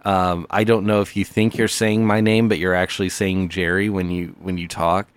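Brief: male podcast host, deep voice, playful mock sincerity, dry studio sound. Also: little pitch movement, normal speed, clean tone, no echo. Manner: mock-earnest, playful, stammering. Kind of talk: comedy podcast with call-ins.

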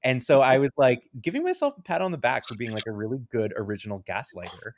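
A man's voice: medium pitch, very animated, fast talker, dry recording, studio quality. A man co-hosting a podcast, telling a story in casual chat and acting out both sides of a conversation. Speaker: podcast co-host.

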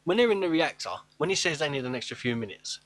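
A man's voice: fairly high pitch, expressive, quick pace, no echo. Chatty man with a dry close sound. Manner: chatty, asks questions, jokes. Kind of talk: casual film recap chat.

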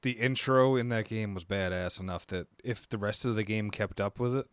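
A man's voice: on the low side, a little fast, clear, resonant tone, dry recording, studio quality. A man co-hosting a casual podcast, teasing and bantering with the others. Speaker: podcast co-host. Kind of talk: casual chat.

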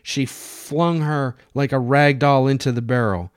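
A man narrating a dramatic story in steady, plain reading. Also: medium pitch, a little slow, no room sound, clean studio sound.

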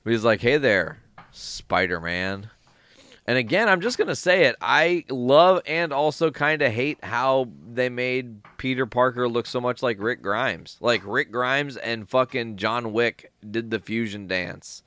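A man hosting a podcast in casual chat, animated and profane, often acting out quoted lines. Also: mid-range voice, a little slow, hardly any pauses, no room sound. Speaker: podcast host.

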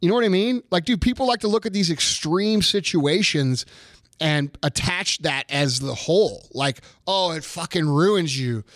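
Brief: high-voiced man in his thirties, profane heated rant, bone-dry close sound. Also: normal speed, fairly bright tone, dry recording. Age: 30s. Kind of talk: casual chat.

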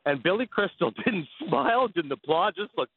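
A Canadian man on a sports radio show, telling animated stories in quick casual chat over a phone line. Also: sits high, breathy edge, no room sound. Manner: animated, fast storytelling with laughs.

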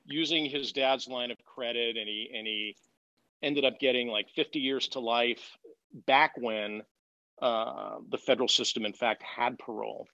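A middle-aged man, a guest in a conversational interview, telling candid, animated stories and quoting people in lively voices. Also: medium pitch, unhurried, vocal fry, no echo, lo-fi sound. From United States.

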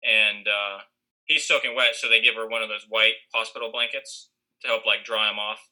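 Bright-voiced man telling a story. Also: fairly low pitch, little pitch movement, normal speed, poor audio. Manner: rambling, many fillers. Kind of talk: casual storytelling chat.

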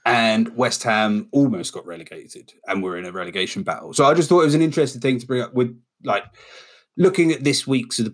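A man's voice: medium pitch, a little fast. Give me a man hosting a laid-back football podcast and quizzing his mates. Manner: runs the segments, reads out lists, quizzes the others. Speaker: podcast host. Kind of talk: casual podcast chat.

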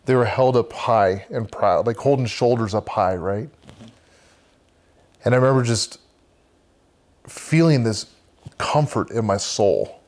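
A man's voice: medium pitch, measured pace, pauses often, darkish tone. A man, guest on a podcast, earnestly telling a vivid personal faith story and talking about leading a men's church group.

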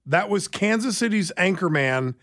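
A man's voice: high-pitched, expressive, normal speed, fairly bright tone. A man co-hosting a radio talk show, cutting in with quizzical questions in casual chat on a studio mic.

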